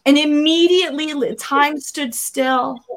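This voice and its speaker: A high-voiced woman speaks a little slowly while sharing her faith testimony in an interview. She is an adult guest, earnest and vivid, voicing what she herself said back then as the story unfolds.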